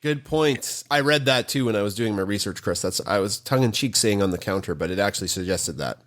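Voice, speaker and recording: A man's voice: lowish voice, fairly quick, fairly bright tone. A man co-hosting a casual live pet chat show, joking and laughing often. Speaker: podcast co-host.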